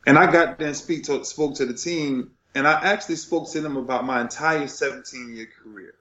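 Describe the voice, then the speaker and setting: A middle-aged man telling an emotional story with passion, often repeating himself and swinging between loud and soft. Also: medium pitch, brisk, echoey room, dull audio. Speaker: retired football player telling his story.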